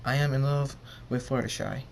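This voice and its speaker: A man's voice: mid-range voice, moderate pace, vocal fry, slight background noise, pitched above the performer's own voice, lightly acted. A man reading the part of a male pony who is in love and fighting a demon side, speaking in an earnest, apologetic way.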